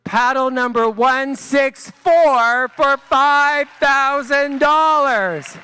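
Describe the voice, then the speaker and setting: High, bright-voiced man hosting a gala fundraiser. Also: some chatter behind, slight background noise. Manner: upbeat, rallying, reads paddle numbers in slow, drawn-out calls. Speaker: gala host running a fundraising paddle raise. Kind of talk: live fundraising appeal calling out donations. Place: gala event room with guests. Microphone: handheld microphone.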